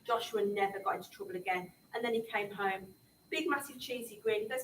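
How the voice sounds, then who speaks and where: A woman's voice: medium pitch, fast, slight background noise. A middle-aged woman telling her story to young people in an impassioned public talk. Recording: echoey room, speaker far from the mic.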